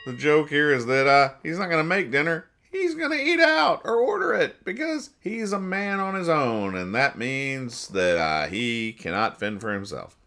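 A man hosting a podcast, reading comic strips aloud and explaining the jokes in a deadpan, rambling way with many fillers. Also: fairly high pitch, normal speed, hardly any pauses. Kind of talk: casual comedic comic reading.

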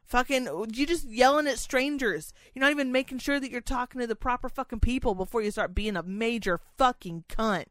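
A woman co-hosting a casual chat. She tells a story in a profane, animated rant. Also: on the high side, a little fast, few pauses, no echo. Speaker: podcast co-host.

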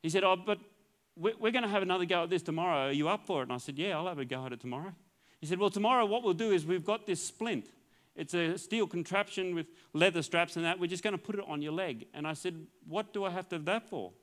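Man telling a lively testimony. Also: sits high, quick pace. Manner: storytelling, acts out dialogue, laughs often. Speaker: pastor. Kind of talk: testimony sermon.

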